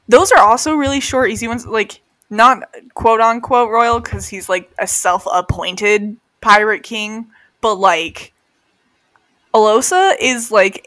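A woman's voice: mid-range voice, a bit bright, dry recording. A young woman co-hosting a podcast, chatting in a giggly, laid-back way. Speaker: podcast co-host. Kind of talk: casual chat.

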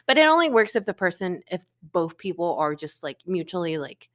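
A woman's voice: on the low side, sing-song, brisk. A young woman from Florida, co-hosting a podcast, telling a breakup story in casual chat with lots of filler words and swearing. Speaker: podcast co-host.

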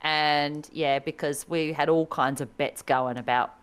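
A woman's voice: low-pitched, steady tone, measured pace, smooth. A woman co-hosting a casual video game podcast, wry and chatty, laughing often. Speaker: podcast co-host. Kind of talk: casual chat.

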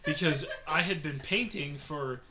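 A young man casually telling a story to friends, animated and swearing freely, dropping into lower voices to mimic the people in it. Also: measured pace, a little hiss or hum.

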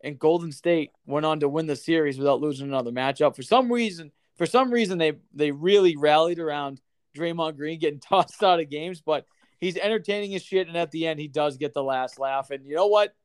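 Guy hosting a sports pod, kinda high voice, smooth and clean, dry sound, swears a lot. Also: brisk, no echo. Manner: profane, excitable banter. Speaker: podcast host. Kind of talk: casual sports chat.

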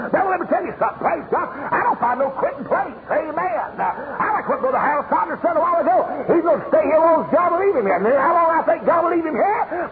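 Fiery high-voiced Southern evangelist. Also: male voice. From Tennessee, USA. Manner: fiery storytelling preacher, rising to shouts. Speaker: evangelist preacher. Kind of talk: revival sermon. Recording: muffled phone-like old tape in a reverberant hall, faint hiss.

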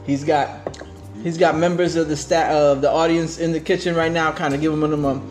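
A man's voice: a little high, little pitch movement, a little fast, darkish tone, faint music behind. A man hosting a casual podcast, talking in a laid-back, slangy way with lots of fillers while eating. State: talking with his mouth full. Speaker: podcast host. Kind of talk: casual chat.

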